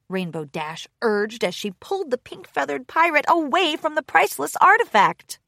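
An expressive woman narrates a children's storybook. Her voice is bright and fairly high, and her pitch moves a lot. The sound is close and dry. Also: moderate pace, gravelly, hardly any pauses, dry recording. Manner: expressive, lively. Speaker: audiobook narrator.

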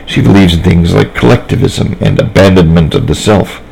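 A man reading a story aloud, voicing a cautious male doctor who speaks slowly and gravely. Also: low-pitched, dark tone, exaggerated voice, rough recording. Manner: slow, grave and deliberate. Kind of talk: fan fiction reading aloud.

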